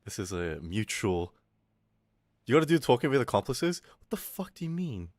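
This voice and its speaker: A male streamer chatting casually with his viewers, swinging from loud outbursts to low mutters and swearing freely. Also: big pitch swings, moderate pace, no room sound, studio quality. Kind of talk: casual livestream chat with viewers.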